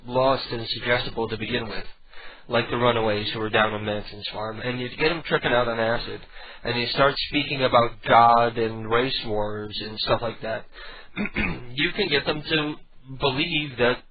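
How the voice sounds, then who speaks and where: A man hosting a casual late-night radio show, rambling and halting with repeated words, stoned. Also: mid-range voice, fairly even intonation. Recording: dull lo-fi radio broadcast.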